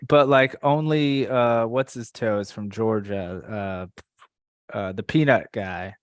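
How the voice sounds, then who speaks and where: A man with a Florida accent, a podcast host chatting in a joking, halting way. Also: lowish voice, no room sound, studio quality. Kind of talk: casual podcast chat.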